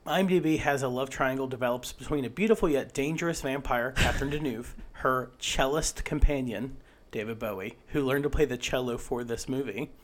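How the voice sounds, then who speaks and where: A man's voice: medium pitch, a little fast, hardly any pauses. A man with a head cold co-hosts a laid-back film chat, with a mid-range voice. He rambles, jokes and drops the odd swear as he talks over his co-host. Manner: rambling, jokey, swears casually. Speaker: podcast co-host. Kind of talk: casual movie review chat.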